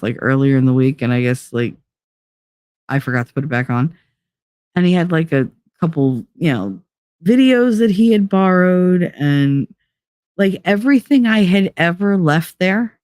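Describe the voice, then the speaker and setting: A woman's voice: low voice, darkish tone, dry recording, studio quality. A woman host telling a personal story in a casual, chatty way, filling her talk with "like" and acting out what other people said. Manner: chatty, heavy use of "like", acts out others' lines. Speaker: podcast host.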